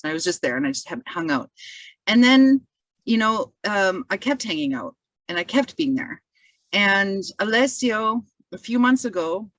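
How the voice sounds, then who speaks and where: A woman's voice: mid-range voice, a bit bright, no echo. A Canadian woman sharing a heartfelt personal testimonial on a video call, rambling with many restarts. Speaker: community member giving testimonial.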